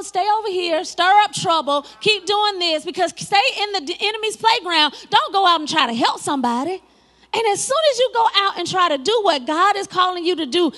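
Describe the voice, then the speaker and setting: A woman pastor preaching a sermon, lively and dramatic, with laughs and spoken asides. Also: extremely high pitch.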